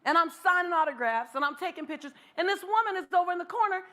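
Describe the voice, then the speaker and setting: A woman in her forties giving an inspirational keynote as a motivational speaker, animated and leaning on repeated rallying phrases. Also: very high-pitched, fast. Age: 40s.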